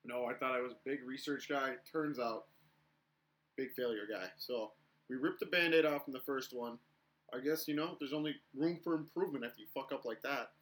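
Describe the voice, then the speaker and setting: A man's voice: medium pitch, a little fast, a bit bright, low-quality recording. A young man from Minnesota, co-hosting a podcast and trading crude, joking banter. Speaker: podcast co-host. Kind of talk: casual chat.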